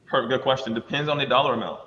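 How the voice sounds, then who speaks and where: A man working as a lender, giving brisk, matter-of-fact answers as a podcast guest. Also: medium pitch, muffled recording. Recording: echoey, distant, faintly noisy.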